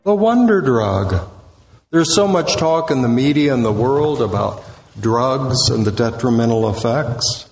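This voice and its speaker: Slow-speaking male minister in echoey hall. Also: medium pitch, animated, vocal fry, darkish tone, soft background music. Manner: deliberate, speaks in short measured phrases. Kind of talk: sermon. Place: church sanctuary. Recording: echoey hall with long reverb.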